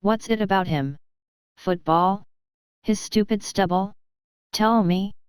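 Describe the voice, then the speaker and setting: A man's voice: high-pitched, takes it slowly, smooth, no room sound. A woman reading a hot-tempered young man. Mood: angry. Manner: angry, confrontational.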